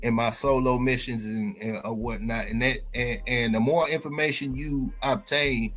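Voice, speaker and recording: A man's voice: mid-range voice, steady tone, moderate pace, a bit bright. A man talking casually on a podcast, laid-back and full of fillers, laughing easily. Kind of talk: casual chat.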